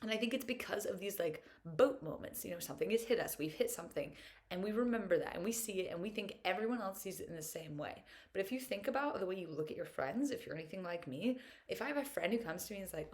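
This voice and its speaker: A young woman speaks in a loose, rambling monologue, her pitch sitting in an ordinary middle range. She sounds upbeat and talkative, sprinkling fillers through every thought. There is an earnest, openly emotional streak under the cheer. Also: animated, quick pace. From United States. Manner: chatty and upbeat, full of "like" fillers. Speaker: vlogger. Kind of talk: casual reflective monologue.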